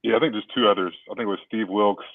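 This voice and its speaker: A man's voice: lowish voice, fairly even intonation, rapid-fire, dry recording. A man on a podcast who chimes in with short reactions and follow-up questions about the news. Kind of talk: casual chat. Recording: tinny phone-line audio.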